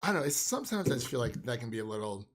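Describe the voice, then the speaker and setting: A man's voice: medium pitch, very animated, rapid-fire. A man co-hosting a casual film chat, rambling with many fillers and restarts. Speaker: podcast co-host.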